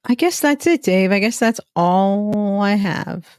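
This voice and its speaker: Woman co-host, casual animated storyteller, dry booth sound. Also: mid-range voice, a little slow, smooth, dry recording. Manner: chatty, animated storyteller, laughs often. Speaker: podcast co-host. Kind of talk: casual chat.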